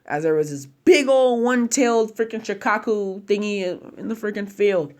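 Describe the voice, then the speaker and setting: A man's voice: sits high, moderate pace, a little mellow. A man narrating a fan-made story casually, chaining run-on clauses with slang and fillers.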